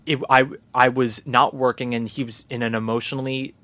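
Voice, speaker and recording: A young man hosting a podcast in casual chat, animated and profane, acting out quotes in little voices. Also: medium pitch, fairly quick, clean tone, dry recording. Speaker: podcast host.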